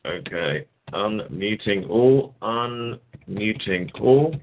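A man's voice: fairly low pitch, animated, extremely slow, slight background noise. A man hosting a casual test call, joking and muttering to himself as he checks settings. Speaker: show host. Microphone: online call over landline. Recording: tinny phone-like line.

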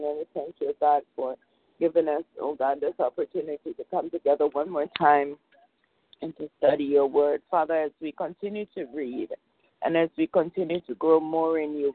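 A woman's voice: deep voice, a little hiss or hum. A woman closing a prayer call with a fervent spoken prayer and blessing, repeating "oh God" between phrases. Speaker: prayer line member closing in prayer. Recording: tinny phone line.

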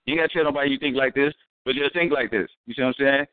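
A man telling stories in a casual chat, animated and profane, repeating words as he thinks. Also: medium pitch, rapid-fire, clear, resonant tone. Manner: animated, acts out voices in his stories. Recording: tinny phone-like sound, dry.

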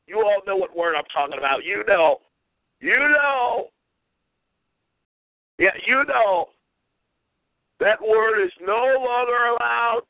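A man's voice: high-pitched, dry recording. A man hosting a call-in talk show, ranting in an irate, repetitive way and trailing off mid-insult. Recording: tinny phone line.

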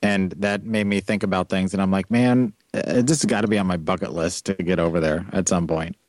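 A man's voice: low voice, fairly even intonation, a little fast, a little mellow, no room sound, studio quality. A man co-hosting a podcast, chatting in an easygoing way. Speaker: podcast co-host. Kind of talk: casual podcast banter.

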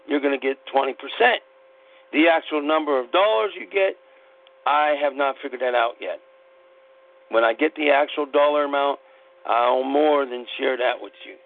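A man talks bluntly and emphatically, folksy and preachy, swearing now and then. His voice sits a bit high and rough with gravel. It comes through a thin, phone-like line with a low mains hum underneath. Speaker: podcast host. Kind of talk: impassioned personal monologue.

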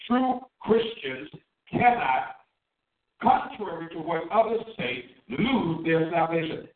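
A man's voice: sits high, animated, echoey room, recorded from a distance, narrow, tinny audio. A man preaching a sermon, drawing out his key words and asking his listeners questions. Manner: emphatic, drawn-out stresses on key words.

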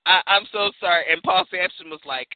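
A woman with a cold, chatting on an online radio show and telling stories with emphatic, animated energy. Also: on the low side, fairly quick, no room sound. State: has a cold. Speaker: poet and radio show guest. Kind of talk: casual chat. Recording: tinny phone line.

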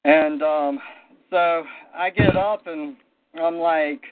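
A man telling a story casually, with animated anecdotal delivery. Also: on the high side, takes it slowly, slight background noise. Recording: tinny phone-line audio.

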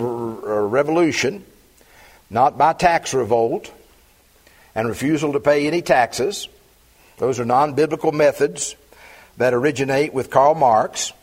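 A husky, slightly breathy male preacher of middle age delivers a sermon at a mid-range pitch. He reads a long scripture passage aloud, then slows down to lean hard on key points. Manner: reads scripture aloud, then expounds with slow emphatic stresses. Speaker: pastor.

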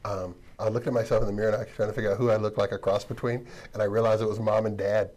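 A man's voice: fairly low pitch, flat delivery, rapid-fire, a little mellow. A man hosting a video call, chatting in a rambling, giggly way. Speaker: host. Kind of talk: casual chat. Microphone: video call, phone on knee. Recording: noisy call audio.

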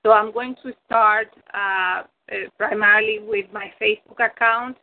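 A woman guest on a call-in talk show, speaking slowly and deliberately and spelling things out letter by letter over a tinny phone line. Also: mid-range voice, fairly even intonation, creaky.

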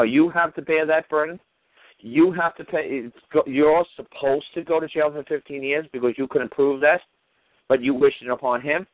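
A man's voice: mid-range voice, no room sound. A man tells his story in a heated, profane rush and replays each argument as he goes. His voice comes through a thin, phone-like line. The sound is dry, with no room around it. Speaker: guest recounting a legal dispute. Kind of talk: casual phone-in chat.

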